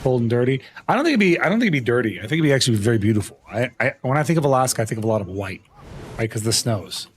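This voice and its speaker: A man's voice: medium pitch, animated, rapid-fire, husky. A young man streaming a game live, chatting casually and answering viewer questions. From Arizona.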